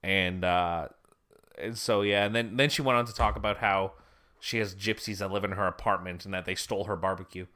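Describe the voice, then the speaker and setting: A man's voice: low voice, steady tone, fairly quick, sharp tone. A man co-hosting a podcast, telling a story in casual chat, rambling and often laughing. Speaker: podcast co-host.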